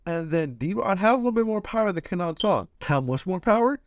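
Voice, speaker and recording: A man's voice: high-pitched, expressive, fairly quick, no echo, studio quality. A man giving fight predictions, talking slangy and rambling, swearing a lot and restarting his sentences. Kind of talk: casual chat.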